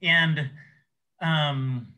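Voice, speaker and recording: A man's voice: fairly high pitch, fairly even intonation, extremely slow, sharp tone, low-quality recording. A man hosting a casual interview, stuttering with many repeated words and fillers. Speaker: interview host.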